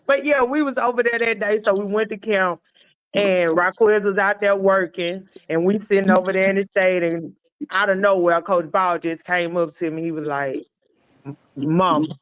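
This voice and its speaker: A woman, the guest and a player's mother, telling animated stories in a casual interview. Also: medium pitch, moderate pace, no echo, muffled recording. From Alabama. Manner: animated, chatty storytelling.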